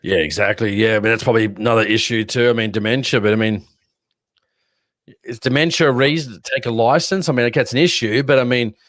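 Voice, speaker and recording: A man's voice: mid-range voice, quick pace, a bit bright, no echo. An Australian man hosting a podcast, rambling casually through stories and laughing often. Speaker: podcast host. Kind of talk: casual chat.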